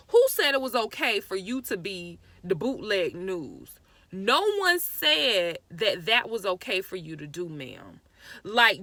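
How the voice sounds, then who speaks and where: A young woman vlogger gives an exasperated rant straight to camera, scolding her listeners. Her voice sits a little high, swings widely in pitch and has a bright edge. The sound is close and dry. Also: no echo. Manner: exasperated, scolding, addresses people directly. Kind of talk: ranting commentary to camera.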